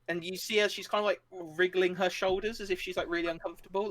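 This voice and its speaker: Man, game master, rambling, lots of fillers, slightly high voice. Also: fairly even intonation, fast talker, few pauses, fairly bright tone. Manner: rambling, filler-heavy, laughing, acts out characters. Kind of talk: narrating a tabletop game.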